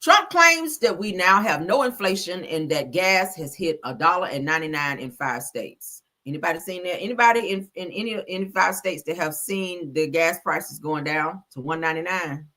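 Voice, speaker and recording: A woman's voice: on the low side, normal speed, few pauses. A woman hosting casual news commentary, blunt and profane, talking straight to her viewers. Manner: animated, blunt, profane, addresses viewers directly. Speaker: commentary host.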